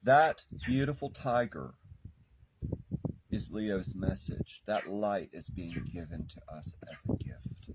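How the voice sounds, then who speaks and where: A man's voice: sits low, slow, noisy background. A man doing a spiritual tarot reading, speaking fervently like a preacher and repeating phrases for emphasis. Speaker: tarot reader.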